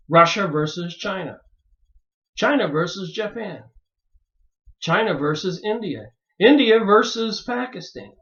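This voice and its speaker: Brief: man with a high voice, emphatic monologue, dull lo-fi sound. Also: fairly bright tone. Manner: emphatic, rising to pleading exclamations. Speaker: video maker reviewing books. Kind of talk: monologue to camera.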